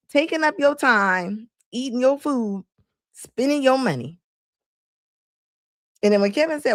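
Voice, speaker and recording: A woman commenting live to her chat, animated and laughing often as she mocks the people she quotes. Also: high voice, no room sound, studio quality. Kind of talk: reaction stream talking to chat.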